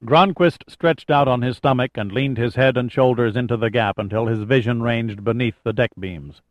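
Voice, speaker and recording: A man's voice: medium pitch, no room sound, lo-fi sound. Man narrating an audiobook, dry and close. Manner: measured, steady storytelling. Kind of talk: scripted narration.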